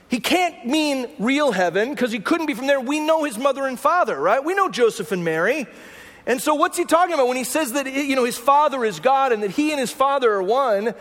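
Preaching as pastor in a large hall, this man has a very high-pitched voice with a fairly bright tone. His sermon works through the scripture in a conversational way, frequently checking in with listeners by tossing in a rhetorical "right?"

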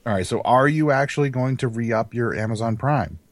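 A man's voice: mid-range voice, brisk, no room sound. A man co-hosting a podcast, chatting casually with dry jokes. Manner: wry, joking, laid-back. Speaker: podcast co-host. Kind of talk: casual chat.

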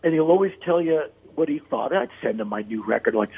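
A man's voice: on the high side, lively intonation, fast, hardly any pauses, breathy edge. A man telling a story in a casual interview, talking animatedly with many "like" and "you know" fillers. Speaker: interview guest. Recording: phone-like narrow-band audio.

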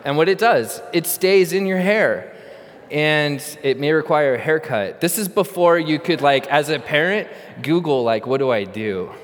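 A man's voice: on the high side, expressive, unhurried. A middle-aged man preaching a sermon, telling a funny childhood story with animation and then teaching earnestly. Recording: long reverb of a large hall.

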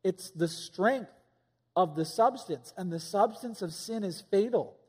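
A pastor delivers a sermon in a high male voice, talking to the congregation like a conversation and tossing out rhetorical questions. His voice carries a long reverb from a large hall. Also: unhurried, darkish tone, breathy edge.

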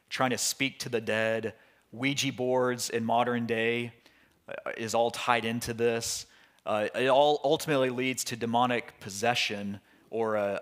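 A man's voice: mid-range voice, a bit bright. Man teaching the Bible casually. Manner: conversational, with restarts and asides. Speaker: pastor.

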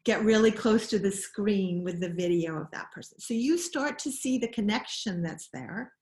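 A woman's voice: mid-range voice, darkish tone. Woman in a roomy echo. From Scotland. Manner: thoughtful, many restarts and pauses. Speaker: guest expert on child attachment. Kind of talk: conversational interview explanation.

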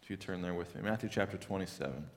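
A pastor preaching a sermon in a church, talking in a conversational way, often repeating words and rising into loud, pleading questions. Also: male voice, deep voice, fast talker, long reverb tail.

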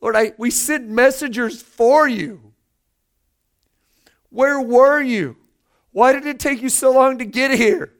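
A grieving woman's plea, put on by a man in a high, clear voice. She asks again and again why help came so late. The questions come slowly and insistently. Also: exaggerated voice. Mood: pleading. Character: grieving woman pleading with her lord.

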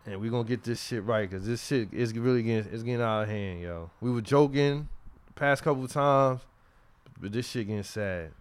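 A man hosting a podcast in casual chat, reading listener emails aloud in an animated, slangy way and laughing along. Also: medium pitch, fairly quick, smooth. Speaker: podcast host.

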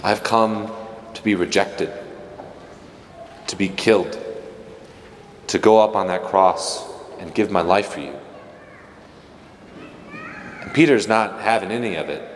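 Low-voiced male priest, easygoing homily with jokey asides, recorded in a reverberant church. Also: unhurried, long pauses, slight background noise. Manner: conversational, joking asides with playful mimicry. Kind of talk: casual homily.

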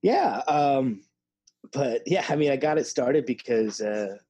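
A man chatting as a podcast guest about his brewery work in a relaxed, easygoing way. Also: medium pitch, slightly rough, dry recording. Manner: relaxed, easygoing, quick to laugh. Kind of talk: casual chat.

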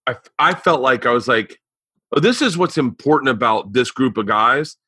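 A man's voice: on the high side, sharp tone, slightly rough, no room sound. A man hosting a podcast, chatting with a guest, enthusiastic and swearing, repeating himself as he talks. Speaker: podcast host. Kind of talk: casual interview chat.

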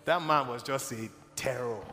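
A man from Nigeria preaching, telling a personal testimony as an emotional, animated storyteller in a large church hall. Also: mid-range voice, moderate pace. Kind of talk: sermon storytelling. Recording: echoey hall with music.

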